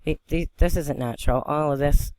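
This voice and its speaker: A woman from western Pennsylvania vlogging on a phone, excitable and rambling as she talks, often breaking into laughter. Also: deep voice, moderate pace, no echo. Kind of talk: excited spiritual vlog narration.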